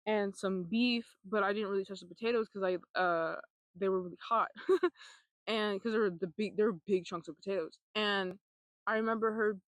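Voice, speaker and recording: A woman's voice: medium pitch, dry recording. Rambling young woman recounting her past. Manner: rambling, halting, frequent fillers and swearing. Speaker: vlogger. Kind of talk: personal testimony storytelling.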